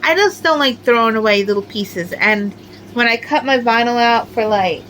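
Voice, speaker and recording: A woman's voice: fairly high pitch, normal speed, a bit bright, a little hiss or hum, low-quality recording. A middle-aged woman chatting casually as she shows off her crochet work, rambling with lots of filler words. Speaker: crochet crafter showing her amigurumi. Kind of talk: casual show-and-tell chat.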